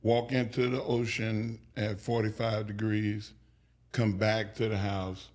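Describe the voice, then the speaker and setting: Guy spinning loud stories on a podcast, swears a lot, does the voices of people he quotes. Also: fairly low pitch, measured pace. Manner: animated, acts out quoted people with raised voice; casual, profane. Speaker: guest. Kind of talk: storytelling in a podcast interview.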